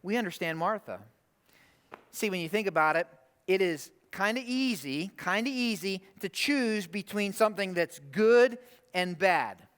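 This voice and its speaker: A man preaching a conversational sermon, animated, often asking the room rhetorical questions. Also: high-pitched, unhurried, smooth. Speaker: pastor. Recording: long hall reverb.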